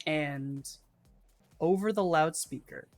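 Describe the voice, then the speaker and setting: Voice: mid-range voice, slow, dry recording. Loose sweary gm talking through the scene, dry mic, bit of music behind. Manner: casual, swearing, filler-heavy narration. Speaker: game master. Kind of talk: narrating a live tabletop game.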